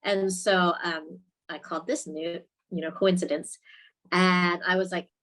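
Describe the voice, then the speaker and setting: Female director guest; animated, laughing storyteller who performs her quotes. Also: lowish voice, unhurried, rough recording. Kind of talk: casual interview chat.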